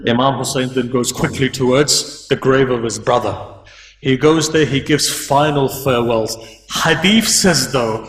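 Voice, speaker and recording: A man's voice: unhurried, a bit bright. Distant echoey man preaching a story. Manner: recounting a story, voicing its figures, rising to high pleas. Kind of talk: emotional religious sermon storytelling. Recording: echoey room, distant mic.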